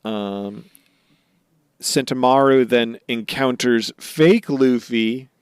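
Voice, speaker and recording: Male podcast co-host, mid pitch, smooth voice, loose rambling recap style, dead-dry close mic. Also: takes it slowly, no echo. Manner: rambling recap with many fillers and goofy voiced asides. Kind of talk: casual chat recapping anime episodes.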